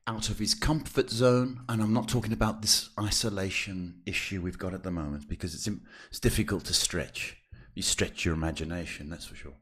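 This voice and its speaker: A man hosting a live psychic reading podcast, talking in a reassuring, chatty way with drawn-out emphasis and many fillers. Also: on the low side, fairly bright tone, husky. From South Africa. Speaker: psychic host.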